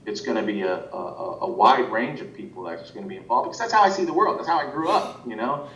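This animation director sounds animated and a bit bright, talking at a quick pace in a relaxed interview full of restarts and filler words. The mic is distant, leaving the audio roomy and muffled with a slight rumble.

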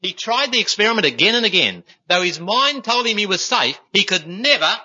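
A man's voice: high-pitched, big pitch swings, brisk, bright, forceful tone, breathy edge, dull audio. A man preaching a sermon in an earnest, folksy way, telling stories and calling his listeners "my friends.".

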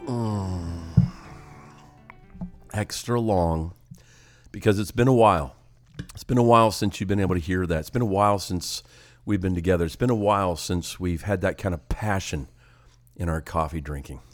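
An older man co-hosting a ministry podcast as an evangelist, talking casually, posing animated rhetorical questions with a slightly congested nose. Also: low-pitched, moderate pace, long pauses, faint music behind. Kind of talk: casual chat.

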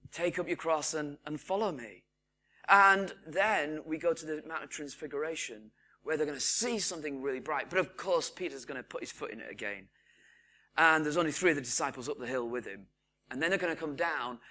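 A man preaching a sermon, retelling the story with lively quoted voices. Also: on the high side.

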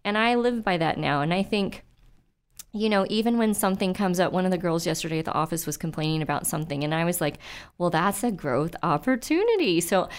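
A woman's voice: lowish voice, quick pace, clear, resonant tone. A woman eye doctor talking earnestly as a podcast guest, casual and full of fillers. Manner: earnest, talks with many fillers. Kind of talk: casual interview chat.

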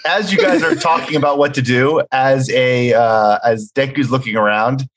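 A man's voice: medium pitch, normal speed, crowd noise. A man playing a tabletop role-playing game, rambling through descriptions with many fillers. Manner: rambling, full of "like" and "uh". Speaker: player. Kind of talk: tabletop role-play, describing his character's actions.

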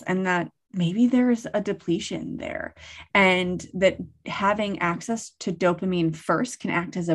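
Thirties woman, slightly low pitch, casual animated guest expert. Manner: animated, acts out quoted lines to kids. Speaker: guest expert on child coping. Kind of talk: casual conversational explaining.

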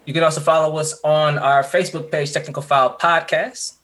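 A man's voice: on the high side, steady tone, a little fast, a bit bright. A man co-hosting a podcast, joking and teasing his co-hosts in casual banter. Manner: joking, hypes and teases. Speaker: podcast co-host.

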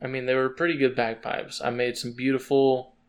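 A man's voice: mid-range voice, little pitch movement, a little fast. A man playing a tabletop game, wry and mild in his remarks. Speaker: player. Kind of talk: casual tabletop play.

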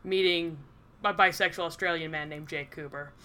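A woman co-hosting a podcast, chiming in with quick sarcastic quips. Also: low voice, fairly even intonation, sharp tone. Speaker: podcast co-host. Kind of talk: casual chat.

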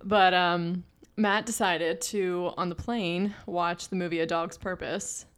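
Chatty young woman, low-pitched voice. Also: fairly even intonation, slow, clean tone. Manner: chatty, lots of fillers and restarts. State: pregnant. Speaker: podcast co-host. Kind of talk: casual chat.

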